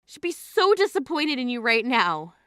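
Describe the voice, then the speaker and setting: A stern, indignant grieving sister, played by a woman in a dramatized text-message story, scolding with a high, bright, sharp-edged voice. The recording is dry and close, with no room sound. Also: sing-song, moderate pace, clean tone, no echo. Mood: outraged. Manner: scolding, exasperated.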